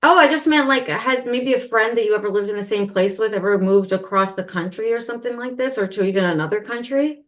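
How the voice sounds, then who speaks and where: A woman's voice: fairly high pitch, fast, few pauses, fairly bright tone. A woman co-hosting a podcast in casual chat, earnest and chatty, thinking aloud as she goes. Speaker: podcast co-host.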